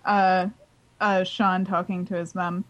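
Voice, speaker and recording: A woman co-hosting a casual film-review chat, unhurried and chatty. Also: fairly low pitch, little pitch movement, a little hiss or hum. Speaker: podcast co-host.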